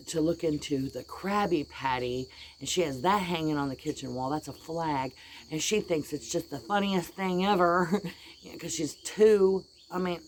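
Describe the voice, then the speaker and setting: A woman's voice: low voice, slight background noise. Exasperated middle-aged American woman venting. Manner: rambling, exasperated, blunt with casual swearing. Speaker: vlogger. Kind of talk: casual venting monologue.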